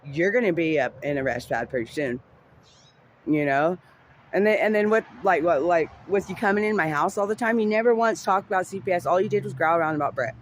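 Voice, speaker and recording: A man with a notably high voice tells a heated personal story. He rambles and swears, restarting his sentences and filling gaps with "you know". A faint noise hangs under the recording. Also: fairly bright tone. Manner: rambling, profane, many fillers and restarts.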